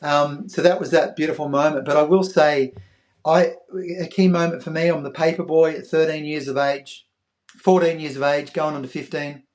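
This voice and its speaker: A middle-aged Australian man, a former athlete appearing as a podcast guest, tells an emotional story. His voice is a little high and his speed normal, and he's animated, acting out other people's voices and going soft at the tender moments.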